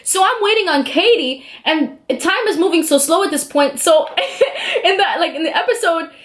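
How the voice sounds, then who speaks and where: A young woman vlogger telling a story in a casual, chatty way while she does her makeup, acting out the quotes. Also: normal speed. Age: young adult. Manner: animated, chatty, acts out quotes with high squeals.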